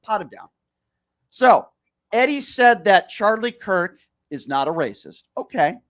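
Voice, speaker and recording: A man's voice: high-pitched, very animated, a little slow. A man hosting a talk show, arguing with a caller and pressing the same question again and again. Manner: combative, repeats questions insistently. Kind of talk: heated call-in argument.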